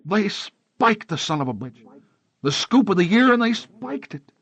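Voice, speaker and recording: A man voicing an agitated middle-aged male newspaper columnist who swears and talks high and excitably. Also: a little slow, slightly rough, no echo, heavily acted. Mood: indignant.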